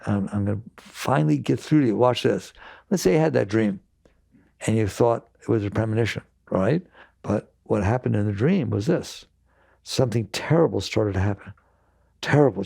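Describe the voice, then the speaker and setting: A man's voice: mid-range voice, gravelly, a little mellow, husky, dry recording, studio quality. A man giving a spiritual talk to an audience, emphatic and repetitive, asking rhetorical questions. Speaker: spiritual teacher.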